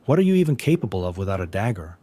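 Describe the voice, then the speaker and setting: A boastful masked ninja who taunts his foe in a story recap, read by a man in a low voice. It is barely acted, close to the narrator's own voice. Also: very animated, rapid-fire, dark tone. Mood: taunting.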